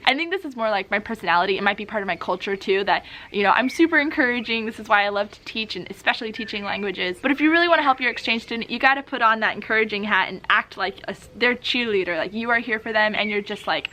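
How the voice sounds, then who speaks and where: A woman vlogger who teaches languages talks straight to camera, cheerful and encouraging. Her voice is bright and a little high. She acts out short lines she might say to her students. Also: expressive, fast talker. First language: English. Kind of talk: advice vlog to camera.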